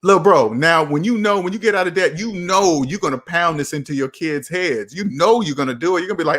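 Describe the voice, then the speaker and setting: A young man hosting a casual live chat about personal finance, talking in an animated, preachy and repetitive way. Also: fairly high pitch, fast, few pauses. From United States. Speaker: finance channel host.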